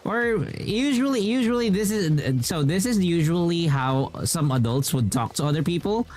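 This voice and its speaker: Chatting loosely as they play, this game streamer wanders from topic to topic and performs other people's lines in character. Their mid-range, slightly mellow voice has lively intonation and a normal speed, over quiet background music.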